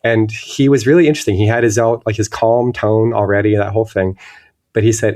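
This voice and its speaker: A man's voice: on the low side, fairly even intonation, brisk, a little mellow. A man speaking as a guest in an interview, thoughtful and searching, often restarting his sentences. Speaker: guest illustrator. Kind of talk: reflective interview talk.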